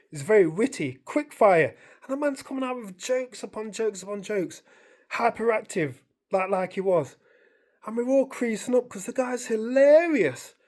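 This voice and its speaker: A woman's voice: mid-range voice, a little mellow. A woman, rambling through a casual story to camera, full of fillers and repeated phrases. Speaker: vlogger.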